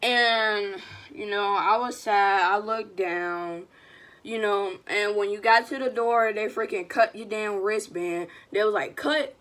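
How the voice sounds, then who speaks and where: A young woman, telling a storytime vlog in a slangy, animated, casual way and quoting what people said. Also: mid-range voice, unhurried. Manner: animated, slangy retelling with quoted voices. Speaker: vlogger.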